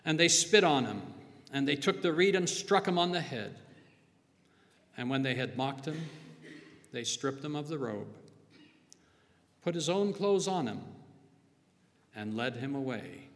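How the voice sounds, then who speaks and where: A man giving a solemn, measured scripture reading, dropping quieter at the close of lines. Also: mid-range voice, lively intonation, in a large hall. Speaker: scripture reader.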